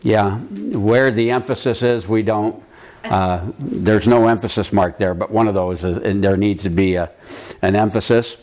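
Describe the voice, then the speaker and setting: Low-voiced man teaching a Bible class. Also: a little mellow. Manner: conversational, halting, quizzes the room. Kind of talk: informal Bible teaching to a group.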